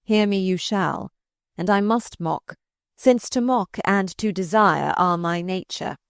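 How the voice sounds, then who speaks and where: A woman reading aloud voices a sardonic, malicious older male courtier who mocks in slow, drawn-out phrases. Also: medium pitch, clear, resonant tone, dry recording, clean studio sound, lightly acted. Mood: mocking. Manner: mocking, drawn-out.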